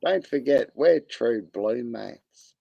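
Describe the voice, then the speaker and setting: A man's voice: medium pitch, lively intonation, takes it slowly, creaky, lo-fi sound, a crowd in the background. A man in a casual livestream chat, laid-back and chuckling as he agrees along.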